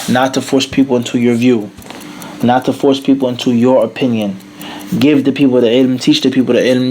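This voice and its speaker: A man's voice: mid-range voice, a little mellow, slight background noise. A man teaching a religious lecture, emphatic, asking rhetorical questions and weaving Arabic terms into his English. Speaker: Islamic teacher. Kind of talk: lecture explaining a classical text.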